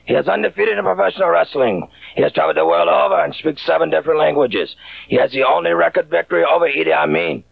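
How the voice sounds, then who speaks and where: A man's voice: a little high, sing-song, fast talker, creaky, no echo, exaggerated voice. A man playing an announcer who hypes a wrestler in a fake Russian accent. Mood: boastful. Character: dramatic promo announcer, man, hyping wrestler. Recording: tinny archival TV audio.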